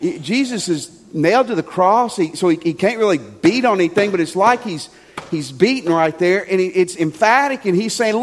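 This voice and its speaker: A man delivers a sermon in a notably high voice, emphatic and conversational. He leans on rhetorical questions to draw the congregation in. A long reverb from the church hall trails his words. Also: big pitch swings, moderate pace. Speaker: pastor. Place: church sanctuary.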